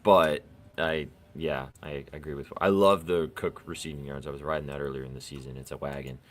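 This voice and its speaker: A man's voice: very deep voice, fairly even intonation, fairly quick. A man hosting a sports betting show in casual chat, laid-back and loose, swearing freely.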